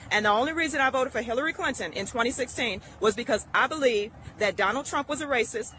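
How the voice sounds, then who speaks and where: A speaker tells a personal story in a steady, matter-of-fact manner. The voice is bright and crisp. A faint hum of outdoor noise runs under the recording. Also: mid-range voice, low-quality recording. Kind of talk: casual personal monologue.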